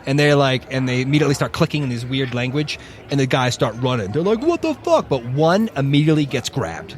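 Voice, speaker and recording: A man recounts a tale on a podcast in a loose, animated way, peppering it with swearing and fillers. He talks quickly, and his voice sits at an average pitch. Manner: animated, profane, rambling with fillers. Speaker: podcast co-host. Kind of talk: casual storytelling.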